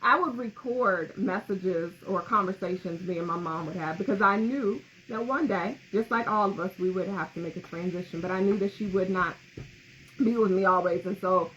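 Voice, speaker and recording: This woman's voice is medium-pitched and fairly bright, moving at a normal speed. As a grief podcast co-host, she talks frankly and emotionally, laughs frequently, and reads comments aloud. The sound is slightly muffled, with a faint background hum.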